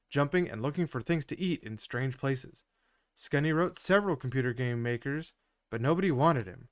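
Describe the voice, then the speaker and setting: Young man, mid-range voice, casual let's-play commentary, prone to laughter and excited outbursts, dry sound. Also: medium pitch, no echo. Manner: reads game story text aloud with dry asides, laughs easily; gets loud and excitable reacting to gameplay. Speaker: game streamer.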